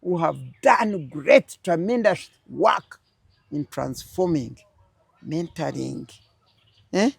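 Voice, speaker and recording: A woman's voice: low-pitched, expressive, slow, vocal fry, long pauses, husky, no room sound. An older woman with a Ugandan accent, telling a political story as an interview guest with strong, emphatic feeling.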